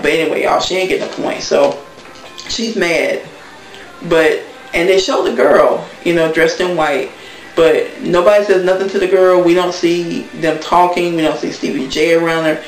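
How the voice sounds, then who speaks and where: A woman's voice: lowish voice, moderate pace, distant mic, soft background music. A woman giving a blunt, gossipy casual recap, talking straight to her viewers. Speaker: TV recap vlogger. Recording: echoey room, voice from off-mic.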